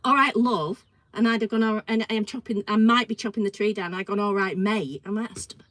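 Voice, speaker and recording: A middle-aged woman co-hosting a casual chat show tells stories animatedly, acting out what people said. She has a mid-range voice and a quick pace, in a dry, rough recording.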